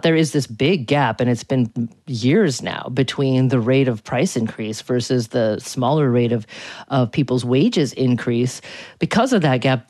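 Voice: medium pitch, darkish tone, no echo. A podcast host guiding a panel discussion, thoughtful and appreciative toward listeners. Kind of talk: podcast hosting.

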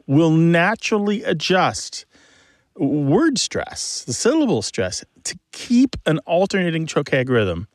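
A man's voice: on the high side, big pitch swings, takes it slowly, no echo. A man co-hosting a radio show about language, explaining word stress enthusiastically to a caller. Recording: dry studio mic.

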